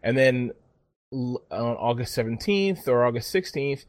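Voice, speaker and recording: A man's voice: medium pitch, a little slow. A man telling a story in casual chat, rambling and cursing freely as he goes. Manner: profane, rambling, animated storytelling.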